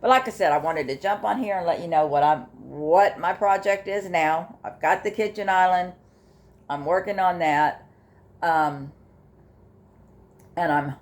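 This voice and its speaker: An older woman, talking casually in a personal vlog, halting with fillers and restarts, emotional and close to tears at times. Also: fairly low pitch. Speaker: vlogger sharing her grief journey.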